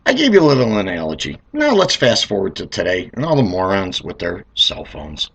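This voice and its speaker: A middle-aged man telling comedic stories in a rambling, animated way, acting out voices. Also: low-pitched, a little fast, slightly rough. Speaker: car dealer telling stories. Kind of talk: comedic monologue.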